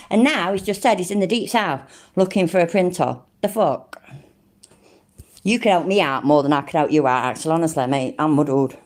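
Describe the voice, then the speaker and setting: A woman's voice: on the low side, fairly quick. An older woman hosting a casual live stream, chatting to her viewers, swearing freely and calling them love and mate. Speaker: livestream host.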